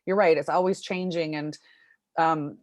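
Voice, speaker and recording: Woman co-host, lowish voice, dry close sound, advice-giving. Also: steady tone, unhurried, darkish tone, dry recording. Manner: advising, repeats points for emphasis. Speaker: podcast co-host. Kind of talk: casual chat.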